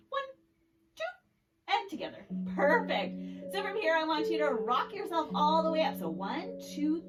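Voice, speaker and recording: A woman leading a kids yoga class, playful and encouraging, counting poses and making animal sounds. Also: high-pitched. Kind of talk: guiding a children's yoga class. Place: yoga room. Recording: distant mic with loud music behind.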